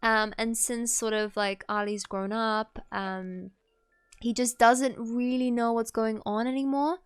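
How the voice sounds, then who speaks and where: A woman's voice: a little high, steady tone, a little slow, clean tone, no room sound. A woman commenting on her life-sim gameplay in a chatty, rambling way, full of fillers and small laughs. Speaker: gaming host. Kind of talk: let's play commentary.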